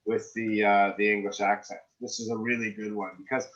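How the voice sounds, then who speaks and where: A man's voice: on the low side, level tone, brisk, a bit bright, highs cut off. A middle-aged man giving script feedback in an acting class, rambling and often checking in with "right?". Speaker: acting coach.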